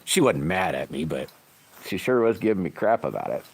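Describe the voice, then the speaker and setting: A low-pitched man chatting through a livestream as he works. His voice swings up and down a lot, and he rambles in a folksy way, restarting his sentences and chuckling at himself. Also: sing-song, brisk, vocal fry, slight background noise. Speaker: livestream host making slingshots. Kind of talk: casual livestream chat while working.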